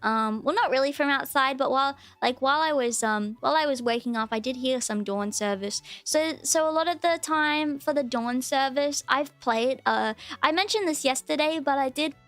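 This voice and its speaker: A woman's voice: high-pitched, moderate pace, few pauses, a bit bright, dry recording, faint music behind. A woman with an Australian accent chatting casually to her livestream viewers in a rambling way that is full of restarts. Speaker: VTuber streamer.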